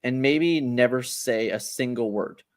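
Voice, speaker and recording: A man hosting a casual podcast, relaxed and teasing. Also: medium pitch, measured pace. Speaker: podcast host.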